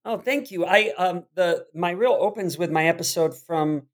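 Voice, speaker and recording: A middle-aged man, a guest on a podcast, telling stories in a lively way and laughing easily. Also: high voice, normal speed. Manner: animated storyteller, laughs easily. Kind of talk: casual interview chat.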